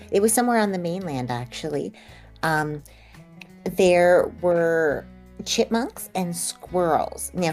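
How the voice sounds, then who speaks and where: A woman tells a story in character at a tabletop game. She pauses often and fills the gaps with ums. Her voice sits fairly low. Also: a little mellow. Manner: hesitant, many ums. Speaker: player.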